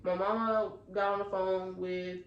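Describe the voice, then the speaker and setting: A young woman, from North Carolina, telling a storytime tale in an animated way full of fillers. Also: medium pitch, measured pace, echoey room, dull audio, slight background noise. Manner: animated, talks her way through the story with many fillers. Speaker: vlogger. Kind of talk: storytime chat.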